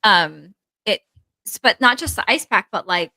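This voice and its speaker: A woman therapist co-hosting a casual podcast chat, talking in an animated, rambling way with lots of "like" and acting out her own inner voice. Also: mid-range voice, moderate pace, no room sound, low-quality recording. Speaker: therapist co-host.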